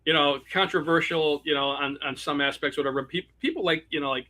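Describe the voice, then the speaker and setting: A man's voice: fairly high pitch, fairly even intonation, brisk, pushed and bright. A man, a musician and comedian, chatting loosely as a guest on a podcast. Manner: rambling, loose and friendly. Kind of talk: casual interview chat.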